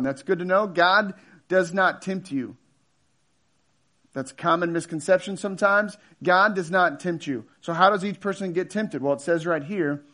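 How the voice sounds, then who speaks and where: Pastor in his thirties, high voice, relaxed jokey sermon delivery. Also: moderate pace. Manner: casual, joking storyteller with animated asides.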